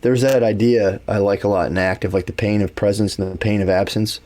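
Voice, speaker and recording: A man's voice: fairly low pitch, fairly even intonation, fairly quick, dark tone. A man co-hosting a podcast, telling stories in a rambling, casual way with lots of swearing and filler words. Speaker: podcast co-host. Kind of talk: casual conversational storytelling.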